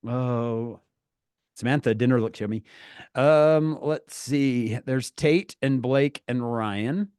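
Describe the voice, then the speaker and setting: A man's voice: medium pitch, slow, darkish tone, clear, resonant tone, dry recording, clean studio sound. A man hosting a youth group on a video call, greeting each person in a playful, teasing way. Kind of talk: casual chat on a video call.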